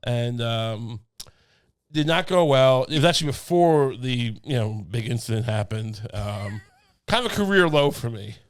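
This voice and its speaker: A young man co-hosting a podcast, talking in a rambling, deadpan comic way with many restarts. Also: mid-range voice, normal speed, smooth. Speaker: podcast co-host. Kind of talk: casual comedic chat. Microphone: studio podcast mic.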